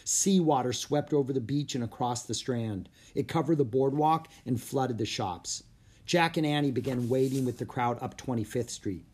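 A narrator reading a children's storybook aloud in a steady, even manner. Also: medium pitch, normal speed, slightly rough. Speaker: audiobook narrator.

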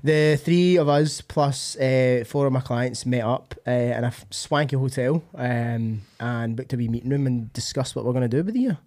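A man's voice: mid-range voice, normal speed, hardly any pauses, a little mellow. A Scottish man co-hosting a podcast, chatting casually with plenty of swearing and laughter. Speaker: podcast host. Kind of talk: casual chat.

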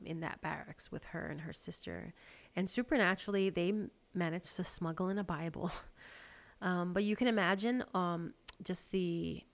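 A woman hosting a faith podcast, giving an earnest devotional talk with frequent ums and soft whispered moments. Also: on the low side. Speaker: podcast host.

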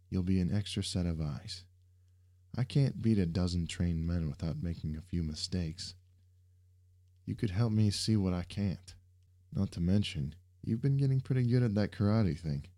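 An earnest young superhero with an insistent, encouraging manner, as a male reader voices him. His voice is low and mellow, only a little raised above the narration. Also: normal speed.

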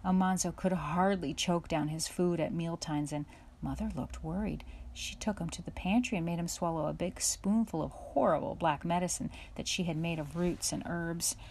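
A woman narrating a children's storybook chapter aloud in a steady, measured way. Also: fairly low pitch, a little hiss or hum. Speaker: audiobook narrator. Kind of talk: storybook reading.

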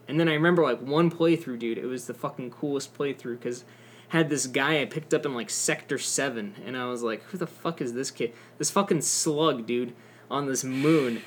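A man's voice: medium pitch, a bit bright, slight background noise. A young man co-hosting a podcast, rambling casually about a video game with lots of fillers and swearing. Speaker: podcast co-host. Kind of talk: casual gaming chat.

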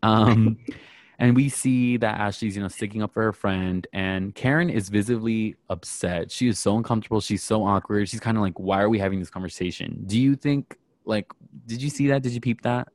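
A man in casual chat, recapping a show and acting out what people said in lively quotes. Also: on the low side, a little fast, dry recording. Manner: animated storyteller acting out quotes. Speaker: podcast co-host recapping reality TV.

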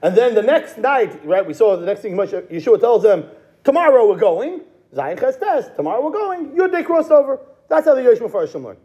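A man's voice: high voice, big pitch swings, fairly quick, hardly any pauses, dark tone, husky, muffled recording. A man teaching a Talmud class, chanting quoted texts and explaining them step by step in English. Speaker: Torah teacher.

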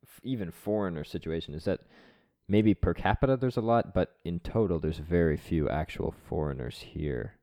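A man from Canada in casual chat, listening, laughing along and asking relaxed questions. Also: low-pitched, moderate pace, dry recording, studio quality.

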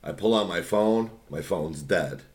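A man's voice: low-pitched, unhurried. A young man telling a profane, rambling story in a casual podcast chat. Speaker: podcast co-host.

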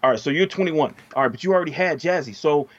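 A middle-aged man telling a story in casual podcast chat, profane and animated, his voice jumping up when he gets heated. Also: a little high, fast talker, dull audio. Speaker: podcast co-host.

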